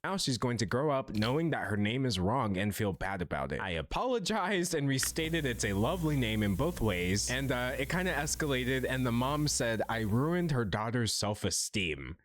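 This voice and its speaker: Wry American man, lively pitch. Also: moderate pace, few pauses. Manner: wry, dry humor, self-interrupting asides. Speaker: commentator reading online posts. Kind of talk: video commentary.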